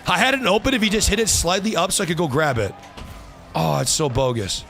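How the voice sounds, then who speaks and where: A young man streaming a car-soccer match, trash-talking opponents and yelling at his teammates. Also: a little high, expressive, fairly quick, creaky. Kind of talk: live gameplay commentary.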